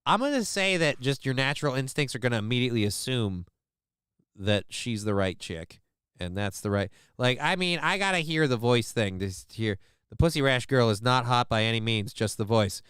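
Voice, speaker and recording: A man's voice: medium pitch, lively intonation, moderate pace, fairly bright tone, clear, resonant tone, no echo, studio quality. A man hosting a stream, reading out a news story and reacting to it with rambling, profane jokes. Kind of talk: casual crude reaction commentary.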